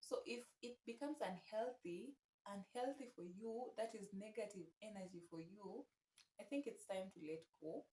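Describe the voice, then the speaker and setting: A young woman with a Kenyan accent chats straight to camera, animated and casual, slipping Swahili slang into her advice. Her voice sits in a middle range and carries a noticeable room echo. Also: mid-range voice, moderate pace. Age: young adult. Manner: chatty, mixes in Swahili slang, animated retellings. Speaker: vlogger. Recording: echoey room.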